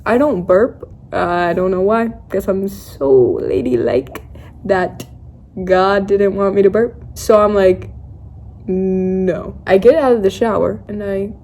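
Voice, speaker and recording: A woman's voice: medium pitch, warm tone, a little hiss or hum. A young woman vlogging, telling a story in a casual, dramatic, self-mocking way and acting out her own quotes. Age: young adult.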